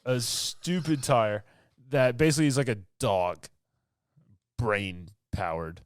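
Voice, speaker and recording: A man's voice: mid-range voice, very animated, takes it slowly, smooth, no echo, studio quality. A man co-hosting a podcast, recapping a film in a rambling, casual way with lots of "like" fillers. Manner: rambling, filler-heavy storytelling with laughs. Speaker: podcast co-host.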